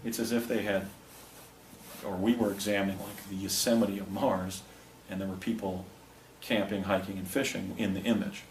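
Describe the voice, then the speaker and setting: A middle-aged man from New Jersey talks through a slide presentation, wandering into asides and restarting his sentences. His voice sits on the low side and is picked up from across a reverberant room. A faint hiss runs underneath. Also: steady tone, normal speed. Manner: rambling storyteller with restarts and asides. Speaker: speaker giving a presentation. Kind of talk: anecdotal public talk. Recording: echoey room, distant mic, faint noise.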